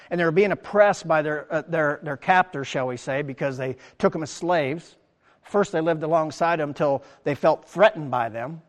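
Man, pastor, animated sermon, quoting the crowd, reverberant hall. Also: on the high side. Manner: animated preaching, acts out quoted crowd lines.

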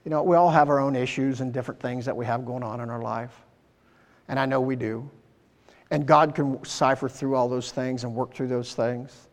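A man's voice: mid-range voice, steady tone, moderate pace. A man preaching a sermon as pastor, earnest and conversational, with many fillers and restarts. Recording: long hall reverb.

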